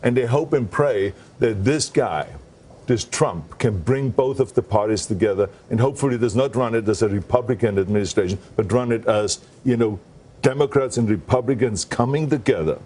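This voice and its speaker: A man's voice: medium pitch, normal speed, warm tone. A man as a guest in a TV morning show interview, talking in an emphatic, upbeat and joking way.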